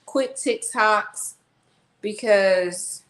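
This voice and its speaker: A woman's voice: mid-range voice, drawn-out words, a bit bright. A woman chatting casually to her viewers while unpacking groceries at home. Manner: chatty, rambling, talks to viewers as y'all. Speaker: vlogger. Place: at home, kitchen. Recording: echoey room, faint noise.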